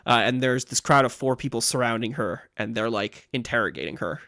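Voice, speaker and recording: A male game master narrating a tabletop role-playing game at a middle pitch, with a dry, close sound. He talks in a relaxed, halting way, full of small hesitations. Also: dry recording.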